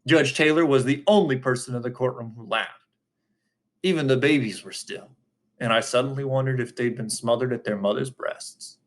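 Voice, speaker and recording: Guy reading a book chapter aloud, mid pitch, steady and even. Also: moderate pace. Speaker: reader. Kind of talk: audiobook narration.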